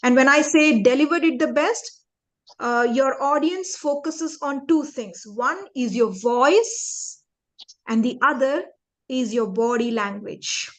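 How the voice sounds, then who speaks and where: A woman with a bright, high-pitched voice teaches public speaking to a group of young students. She talks in an animated, demonstrative way, stops often to check the class is following, and acts out good and bad delivery as she goes. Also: slow. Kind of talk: interactive lesson to young students.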